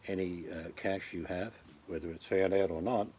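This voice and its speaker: A man's voice: deep voice, steady tone, moderate pace, dark tone, a little hiss or hum. An Australian man chatting casually on a livestream, rambling and blunt, talking to viewers by name. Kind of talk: casual chat.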